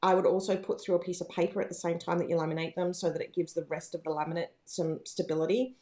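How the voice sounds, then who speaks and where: A woman's voice: fairly low pitch, steady tone, fast, mellow. Chatty rambling woman hosting a livestream. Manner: rambling, chatty, bubbly with frequent fillers. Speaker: livestream host, planner business owner. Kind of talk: casual livestream chat. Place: home.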